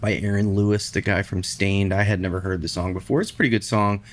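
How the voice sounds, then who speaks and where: A man's voice: on the low side, little pitch movement, quick pace, a little hiss or hum. A man co-hosting a podcast, telling stories in a rambling, casual way with many fillers. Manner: rambling, storytelling, lots of fillers. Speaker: podcast co-host, videographer. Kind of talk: casual chat.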